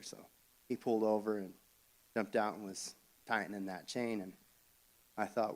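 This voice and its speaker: A man telling a family story at a funeral service, speaking haltingly with frequent restarts and soft chuckles. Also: fairly low pitch, steady tone. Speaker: family member giving a eulogy.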